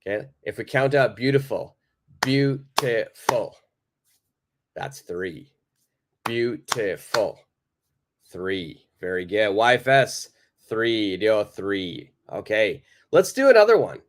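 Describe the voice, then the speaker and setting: A man's voice: lowish voice, very animated, measured pace, background noise. A man teaching a live online English lesson, patiently repeating his questions to the viewers.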